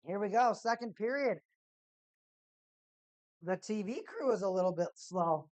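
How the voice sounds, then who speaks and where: A woman hosting a casual live stream at home, chatty and repeating her catchphrases in excited bursts. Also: medium pitch, measured pace, no room sound.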